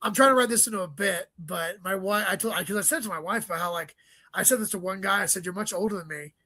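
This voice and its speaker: High, bright-voiced profane comedian. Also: male voice, dry recording. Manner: profane, rapid storytelling with joking asides. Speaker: stand-up comedian guest. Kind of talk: casual interview chat.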